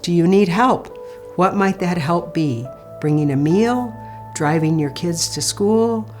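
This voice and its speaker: A woman giving an instructional talk on supporting grieving people, speaking in a calm, gentle and measured way. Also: fairly low pitch. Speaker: grief support educator.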